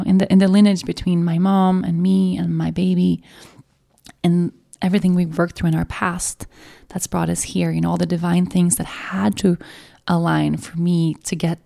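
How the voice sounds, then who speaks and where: Low gravelly woman telling a personal story. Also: warm tone. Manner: emotional, confessional, swears, trails off and restarts. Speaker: podcast host.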